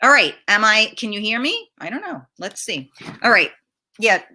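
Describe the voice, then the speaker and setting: A woman's voice: mid-range voice, sing-song, normal speed, sharp tone. A woman hosting a casual livestream from home on her laptop mic, chatting bluntly with viewers and swearing freely. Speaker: livestream host. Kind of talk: casual live-stream chat reading comments.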